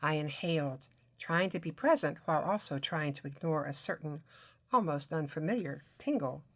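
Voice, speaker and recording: A woman reading her own novel aloud, telling a first-person story in a wry, lively way. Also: deep voice, normal speed.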